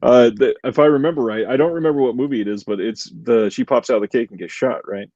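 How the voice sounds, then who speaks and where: A married man co-hosting a casual chat, dropping dry deadpan quips. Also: medium pitch, fast, dry recording. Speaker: podcast co-host. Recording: dull lo-fi dry mic.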